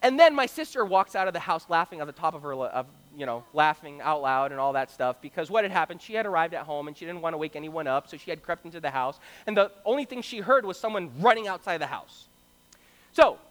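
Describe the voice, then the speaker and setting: A young man from Brazil telling a story in an animated sermon, acting out the voices of the people in it. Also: sits high. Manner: animated, acts out quoted voices. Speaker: preacher. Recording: long hall reverb.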